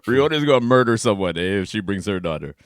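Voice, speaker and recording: Low-voiced animated male storyteller, dry studio. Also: quick pace, dry recording. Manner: animated storyteller, swings from low mutters to loud bursts. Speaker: podcast co-host. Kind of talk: casual chat.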